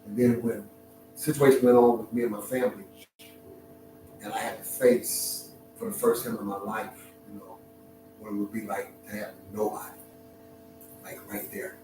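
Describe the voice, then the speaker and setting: A middle-aged man opens up in an emotional, reflective personal story, halting and restarting as he searches for words. His voice sounds distant from the mic and rings around a very echoey room, with clear music playing behind him. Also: lowish voice, fairly even intonation.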